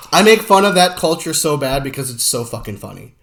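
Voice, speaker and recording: Man from pennsylvania, swears a lot, lively up and down voice, does silly stoner voices. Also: a little high, fairly quick, creaky, few pauses. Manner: profane, animated, breaks into goofy stoner impressions. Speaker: podcast co-host. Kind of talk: casual chat.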